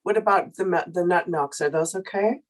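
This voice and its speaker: A woman's voice: fairly low pitch, normal speed. Woman, participant in a reading, curious, short questions. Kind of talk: live one-on-one conversation.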